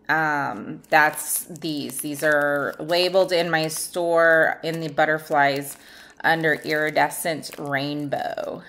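A woman's voice: low voice, gravelly, pushed and bright. A woman chatting casually in a vlog as she shows off nail art supplies from her online shop, rambling with lots of ums. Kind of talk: casual product showcase vlog.

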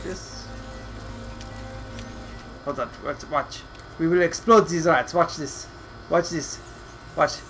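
Playful, cussing let's play host. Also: male voice, on the high side, a bit bright, faint music behind, poor audio. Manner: playful, swears freely, laughs often, rants; reads game text aloud slowly and dramatically. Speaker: gaming channel host.

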